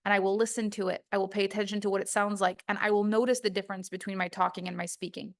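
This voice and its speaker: A woman's voice: mid-range voice, level tone, fast talker, vocal fry. A woman voice coach giving a recorded course lesson, talking emphatically and acting out quoted voices.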